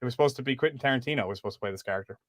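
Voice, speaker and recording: A man's voice: medium pitch, racing, a bit bright, no room sound. A man in a casual film review chat, sharing trivia in a hesitant way with fillers.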